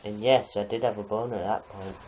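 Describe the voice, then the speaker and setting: A man's voice: on the low side, steady tone, brisk, a little mellow, slight background noise, low-quality recording. A young man, doing casual reaction commentary on a video, mock-indignant and swearing in jest.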